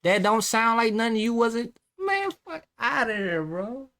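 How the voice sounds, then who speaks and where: A man's voice: very high voice, lively intonation, a little slow, pushed and bright. A man hosting a reaction video, mocking and incredulous as he comments. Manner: sarcastic, incredulous, teasing. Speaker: reaction channel host.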